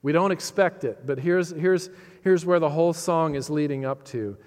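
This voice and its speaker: A man preaching a sermon, emphatic and dramatic, lifting his voice on key phrases and sinking low and quiet for serious points. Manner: dramatic pauses, quotes lines with feeling. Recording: long hall reverb.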